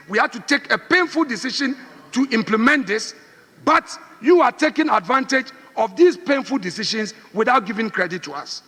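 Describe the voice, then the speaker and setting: Speaking in a big parliament chamber that rings with reverb, a middle-aged Ghanaian MP argues forcefully and emphatically, hammering his points with repeated phrases. His voice sits high and sounds pushed and bright.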